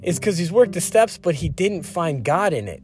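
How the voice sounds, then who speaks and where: A man's voice: sits high, big pitch swings, normal speed, faint music behind. A man quoting his firm sponsor. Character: firm, no-nonsense male sponsor giving advice.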